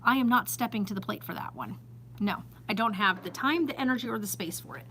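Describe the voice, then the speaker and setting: Holding her phone in her small store, a woman vlogs casually to camera, chatty and exasperated, laughing often and speaking emphatically. Her mid-range voice is fairly quick, bright, and forceful, and the low-quality recording carries a little hiss or hum.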